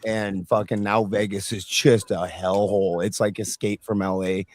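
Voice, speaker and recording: Male guest, low voice, dry close sound, blunt profane stories. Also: little pitch movement, normal speed, darkish tone, no echo. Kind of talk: casual group chat.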